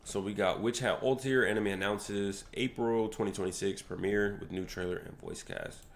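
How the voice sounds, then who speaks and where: Young man, fairly low voice, slangy, hyped, rambling, solo stream podcast host. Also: fairly even intonation, moderate pace. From United States. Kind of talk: casual solo commentary.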